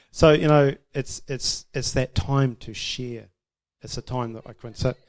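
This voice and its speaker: A man's voice: mid-range voice, slow pace. A man giving an informal, self-deprecating testimony about marriage to a church audience, laughing often. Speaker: speaker sharing about marriage.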